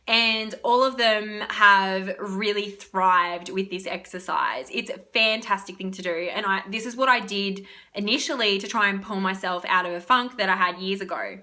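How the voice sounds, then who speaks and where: A woman's voice: medium pitch, pushed and bright. A young woman, talking in a casual, rambling motivational vlog as a spiritual reader, often laughing.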